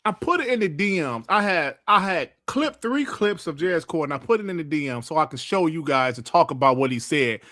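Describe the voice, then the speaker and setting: A man with a fairly high, very animated voice hosts a casual gaming livestream. He talks loosely and swears freely, grumbling when things break. The sound is close and dry. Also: brisk, few pauses, dry recording. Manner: laid-back, profane, grumbles at technical trouble. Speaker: podcast host.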